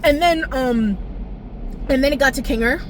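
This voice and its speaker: A young woman with a fairly high voice talks straight to camera in a loose, excited vlog ramble. She swears freely, laughs between thoughts and leaps up in pitch whenever something moves her. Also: normal speed, slight background noise. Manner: expressive, profane, laughs often, jumps pitch when excited. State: tearful at times. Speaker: vlogger. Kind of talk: casual animated recap.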